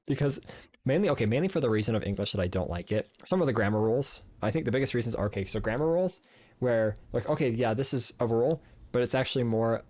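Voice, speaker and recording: A man's voice: lowish voice, a little mellow. A man streaming live, chatting casually and rambling with lots of fillers and self-corrections. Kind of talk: casual chat.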